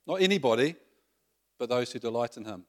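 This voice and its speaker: A man's voice: mid-range voice, expressive, fairly quick. A man preaching a sermon in a conversational way, often asking the congregation questions.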